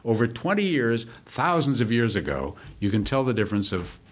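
A man from Saskatchewan, Canada, a broadcaster who is a guest in an interview, talking in an unhurried, comforting conversational way. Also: mid-range voice, very animated. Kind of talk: casual interview chat.

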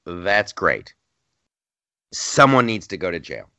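Male podcast co-host, lower voice with a forceful edge, worked-up and exasperated, dry close sound. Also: sing-song, no room sound. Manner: heated, exasperated, quick mock-quoting. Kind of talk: casual political chat.

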